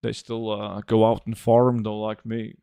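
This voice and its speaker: A man's voice: lowish voice, monotone, a little slow, vocal fry, dark tone, clean tone, no echo. A man, a game streamer chatting casually and reading his chat aloud in a laid-back way full of fillers. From Norway.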